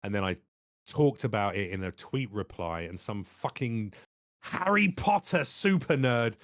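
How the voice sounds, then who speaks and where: A man's voice: lowish voice, unhurried, dry recording. Guy voice actor telling stories on a podcast, swears a lot, dry close mic. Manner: animated storyteller, swears freely. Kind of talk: casual chat.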